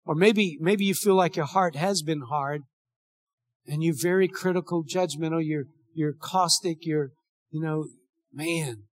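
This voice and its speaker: A man's voice: on the high side, measured pace, no room sound, clean studio sound. A male pastor preaching a sermon and leading a prayer, earnest and pleading, often repeating his words.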